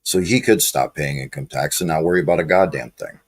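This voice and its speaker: A man with a husky voice in a casual chat, matter-of-fact and profane. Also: rumbling low, brisk, dry recording. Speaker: co-host.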